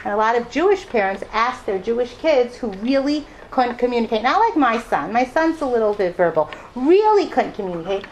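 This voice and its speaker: A woman's voice: a little high, fairly quick, hardly any pauses, slight background noise. A middle-aged woman telling a personal story to an audience, acting out the voices of the people she quotes. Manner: animated, acts out quoted voices. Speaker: speaker addressing an audience.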